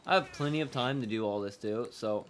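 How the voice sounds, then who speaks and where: A man's voice: medium pitch, brisk, a little hiss or hum. Rambling man narrating his gameplay. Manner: rambling, repetitive, with casual swearing. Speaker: gaming streamer. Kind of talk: casual gameplay commentary.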